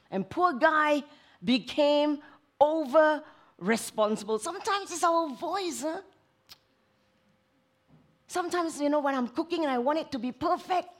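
A woman who is a counselor, preaching a sermon in an expressive way, moving between emphatic lines and hushed asides. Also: high voice, measured pace, long pauses.

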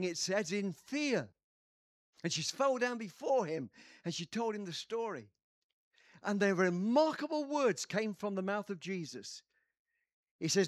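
Male preacher, dramatic sermon storytelling, animated and dry. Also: high voice, no echo. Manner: dramatic storytelling, acting out quotes with shouts.

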